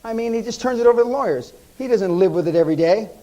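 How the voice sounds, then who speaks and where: A man's voice: high-pitched, expressive, racing, warm tone, muffled recording. An American man in his fifties giving a live seminar talk, telling brash stories laced with profanity. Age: 50s. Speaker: seminar speaker.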